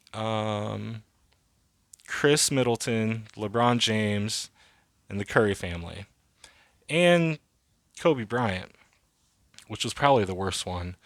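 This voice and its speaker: A man in his thirties talks on his own in a loose, rambling podcast monologue. He swears a lot and leans on fillers as he goes. His voice sits on the low side and sounds dry and close, with no room echo. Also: a bit bright. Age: 30s. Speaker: podcast host. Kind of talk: casual solo podcast monologue.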